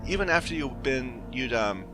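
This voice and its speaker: A man's voice: medium pitch, expressive, normal speed. A man giving casual gameplay commentary as he plays, rambling and searching for words. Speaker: gaming video host. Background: game music and audio.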